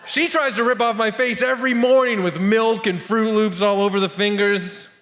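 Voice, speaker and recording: A man's voice: high-pitched, normal speed, fairly bright tone. A man in his thirties performing a rambling stand-up comedy set, with asides to the crowd. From Canada. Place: theatre stage. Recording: long hall reverb of a theatre.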